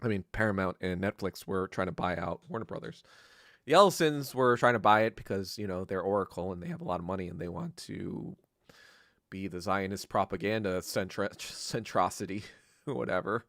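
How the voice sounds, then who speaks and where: A man hosting a podcast in a casual, profane rant that swings between low muttering and loud outbursts. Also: animated, moderate pace, creaky, dry recording, clean studio sound. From Korea. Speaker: podcast host. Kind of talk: casual ranting monologue.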